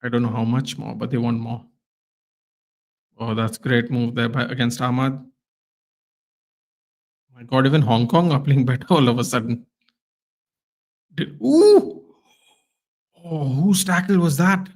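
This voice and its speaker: A man hosting a live football watchalong stream, chatting casually and reacting loudly to the play with lots of slang. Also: mid-range voice, level tone, normal speed, pauses often.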